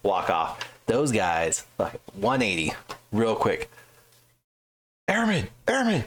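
A man and Air Force veteran telling stories in casual podcast chat, profane and animated, jumping high in pitch when he quotes others. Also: slow, a little hiss or hum.

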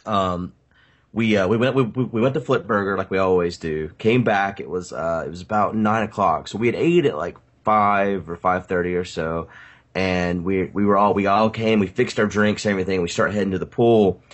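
A man hosting a casual podcast, telling a story with lots of swearing and acting out his own lines loudly. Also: sits low, moderate pace. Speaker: podcast host.

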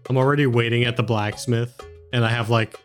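A man playing a tabletop role-playing game, giggly and excitable. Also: medium pitch, fairly quick, soft background music. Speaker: player.

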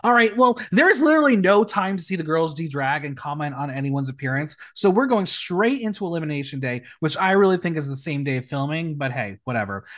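A man hosting a recap podcast, reading a script in a sassy, teasing way and bantering with his guest. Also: on the high side. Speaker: podcast host.

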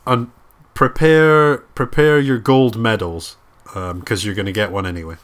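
A man's voice: lowish voice, fairly even intonation, unhurried, a bit bright. A man hosts a quiz on a casual podcast. He is dry and teasing, and he often hesitates with fillers and restarts. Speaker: quiz host.

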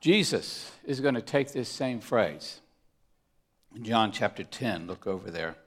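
A man preaching a sermon, emphatic, moving between loud stresses and hushed asides, often asking his listeners rhetorical questions. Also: fairly low pitch, expressive, unhurried. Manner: asks the congregation rhetorical questions. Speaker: pastor.

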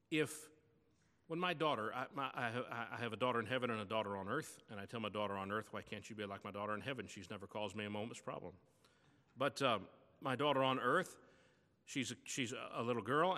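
Bright-voiced pastor preaching in a church. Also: male voice, medium pitch, in a large hall. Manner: conversational storytelling preaching. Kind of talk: sermon.

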